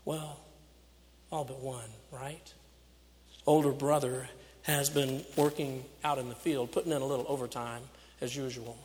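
A man preaching a storytelling sermon, swinging from loud to hushed and laughing off his own slips. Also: mid-range voice, level tone, a little slow. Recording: echoey hall.

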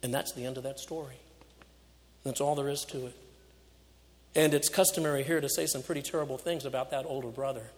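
A man preaching a storytelling sermon, swinging from loud to hushed and laughing off his own slips. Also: mid-range voice, fairly even intonation, brisk, pauses often. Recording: echoey hall.

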